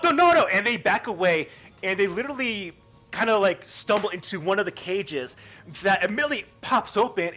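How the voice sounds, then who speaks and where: A man narrating a tabletop game as game master, animated and rambling with fillers. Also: high-pitched, muffled recording.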